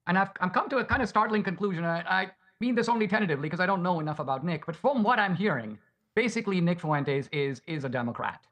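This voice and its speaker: Male debater, lecturing tone, quite high voice, quick delivery. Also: expressive, a bit bright. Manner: lecturing, rhetorical questions. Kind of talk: debate argument.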